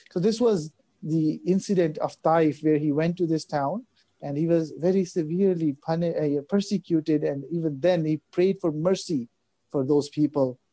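A man with a fairly high voice tells a religious story at a fast, halting pace. He fills gaps with fillers and stumbles over repeated words. His tone is mellow and warm, and the sound is close and dry. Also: dry recording. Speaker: religious guest speaker. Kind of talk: recounting a religious story in conversation.

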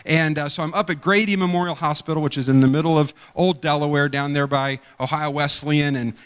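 A man's voice: fairly high pitch, steady tone, a little fast, clear, resonant tone. A man preaching a sermon, rambling and conversational, acting out the people in his stories. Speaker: pastor. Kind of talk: sermon with storytelling. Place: church sanctuary. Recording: long hall reverb.

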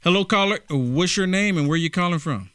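Emphatic male talk show co-host, higher-pitched, dry close sound. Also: expressive, brisk, fairly bright tone, clear, resonant tone, dry recording. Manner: indignant, emphatic. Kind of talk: political talk radio.

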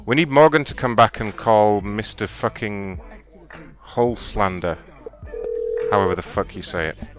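A man hosting a prank call show, talking in deadpan, provocative banter. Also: fairly low pitch, a little slow. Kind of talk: casual live-show chat and prank calls. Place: home room.

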